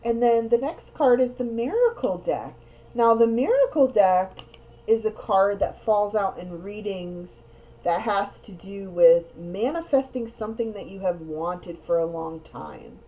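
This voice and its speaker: Earnest woman giving a mellow, rambling card reading. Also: mid-range voice. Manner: earnest, rambling, repeats words. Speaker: tarot reader. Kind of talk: casual spiritual card reading. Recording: dull lo-fi sound with faint noise.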